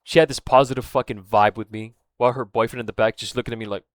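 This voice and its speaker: A male vlogger tells a personal story in a casual, rambling monologue, cursing freely and repeatedly losing his thread, with lots of fillers like "right?" and "man." He talks fast in a steady, ordinary mid-range voice. The recording is dry, with almost no room sound.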